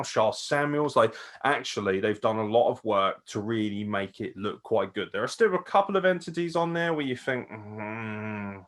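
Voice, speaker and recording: A man talks wrestling news as a podcast co-host. He is excitable and loose, swearing freely and laughing often. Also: medium pitch. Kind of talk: casual wrestling news chat.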